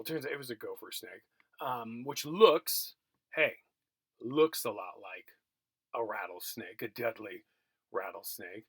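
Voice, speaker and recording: A middle-aged man gives a remote college lecture, rambling through an anecdote with self-mocking asides and frequent restarts. His voice sits at an ordinary male pitch, recorded dry and close with no room sound. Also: husky, dry recording. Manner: chatty, self-mocking, many fillers and restarts. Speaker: college geography instructor. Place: at home, recorded for remote teaching.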